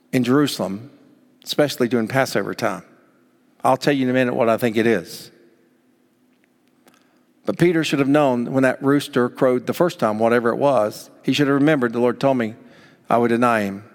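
A man preaching a sermon, reading scripture and acting out its quotes with dramatic emphasis. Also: medium pitch. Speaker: pastor. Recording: long hall reverb.

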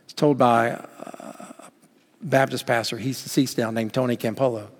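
Exhorting pastor in a reverberant hall. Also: male voice, medium pitch, steady tone, a little slow. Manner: exhorting, storytelling with acted quotes. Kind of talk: sermon. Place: church sanctuary.

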